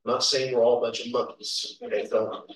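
A folksy male preacher from Kentucky, USA, gives an informal sermon with personal stories in a church sanctuary, chuckling and calling out amens. His mid-range voice has little pitch movement and runs a little fast. The recording is from an echoey church hall on a distant mic.

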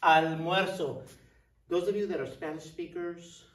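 Middle-aged guy teacher, slightly high voice, goes real slow n says each word twice. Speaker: Spanish teacher. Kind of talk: classroom vocabulary lesson. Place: classroom. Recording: echoey room, mic at a distance.

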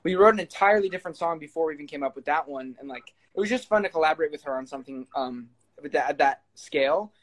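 A man's voice: fairly high pitch, animated, fast, hardly any pauses. A young man chatting casually as an interview guest, laid-back and rambling, with lots of fillers and restarts. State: sweating in the heat. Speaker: guest singer and actor. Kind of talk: casual interview chat, then singing with guitar.

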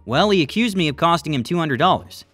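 Low-key young clerk, read by a male narrator, soft and dry. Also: animated, fast, breathy edge, no echo, faint music behind. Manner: quiet, dry, matter-of-fact.

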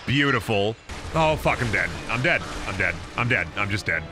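A man streaming a video game, giving crude, joking, excitable commentary. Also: on the low side, moderate pace, over music. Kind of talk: casual gaming commentary.

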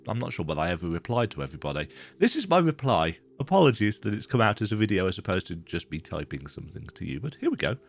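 Stuffy-nosed man, low voice. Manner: rambling, thinking aloud with restarts. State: stuffy nose from a cold. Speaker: gaming video creator. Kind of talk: casual reaction commentary.

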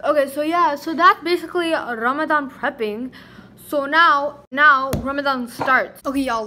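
A woman's voice: sits high, noisy background. A teenage girl chatting casually in a vlog on a handheld phone, bubbly and slangy. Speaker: vlogger. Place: home and stores, filmed on the go.

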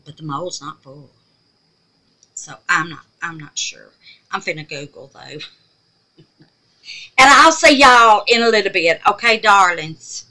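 A woman chatting to her viewers while making resin crafts, often trailing off into quiet muttered asides. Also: mid-range voice, lively intonation, a little slow, pauses often. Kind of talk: casual crafting vlog.

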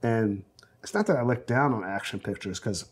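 This fortysomething man from South Central Los Angeles speaks with a fairly low, slightly rough voice at a moderate pace. He is a film director recounting anecdotes in an oral history interview, storytelling with animation, full of fillers, and performing the quotes he recalls.

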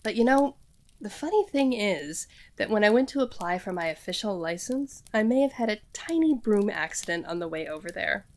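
A woman's voice: mid-range voice, expressive, normal speed, natural voice. A woman voicing a young, earnest witch in training who rambles and talks straight to the listener in an audio role-play. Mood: chatty. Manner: rambling, addresses the listener directly.

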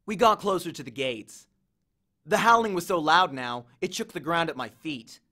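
A man reading a novel chapter aloud with an expressive, animated delivery. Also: on the high side, normal speed. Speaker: audiobook reader. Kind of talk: storybook reading.

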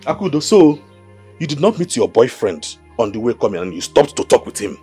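Suspicious Nigerian husband. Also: male voice, mid-range voice, big pitch swings, a little fast, mellow, breathy edge, soft background music. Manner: interrogating, demanding.

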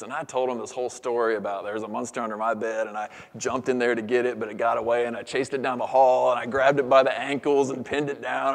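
A man in his thirties preaching a sermon as pastor, earnest, moving between hushed near-whispers and lively storytelling. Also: medium pitch, fast talker, gravelly. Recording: long reverb of a church hall.

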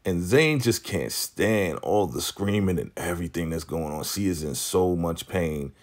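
A man giving a casual, animated recap of a TV episode, acting out the characters' lines as he goes. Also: sits low, measured pace. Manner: animated storytelling, acts out quotes. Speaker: TV recap vlogger.

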